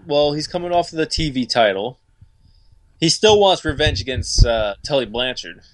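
A man co-hosting a casual podcast, chatty and quick to add details. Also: mid-range voice, lively intonation, slight background noise. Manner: chatty, corrects and adds details, laughs easily. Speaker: podcast co-host. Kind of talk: casual chat.

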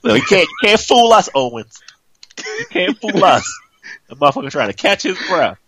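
A woman co-hosting a casual reaction chat, laughing and expressive. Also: mid-range voice, moderate pace, slightly rough, no room sound. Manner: laughs through speech, expressive and animated. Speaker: co-host reacting to a clip.

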